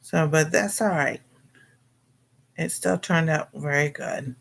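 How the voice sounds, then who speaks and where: A woman's voice: deep voice, slow pace, creaky, a bit bright. A middle-aged woman chatting casually and rambling to viewers on a cooking livestream, greeting them and laughing often. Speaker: cooking channel host.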